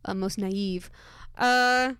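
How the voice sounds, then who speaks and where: A woman co-hosting a podcast in casual chat, playful and quick with jokes. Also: mid-range voice, steady tone, fairly bright tone, clean tone, no room sound, studio quality. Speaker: podcast co-host.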